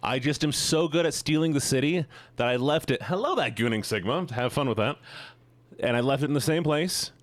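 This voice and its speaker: A man's voice: medium pitch, brisk, no room sound. A man streaming live, chatting casually and teasing his chat with playful mock-villain boasts.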